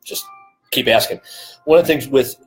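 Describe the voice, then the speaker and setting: A man's voice: medium pitch, moderate pace, soft background music, low-quality recording. Blunt, swearing man co-hosting. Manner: blunt and informal, swears freely, laughs often. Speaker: nutrition coach, co-host. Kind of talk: casual live-stream Q&A chat.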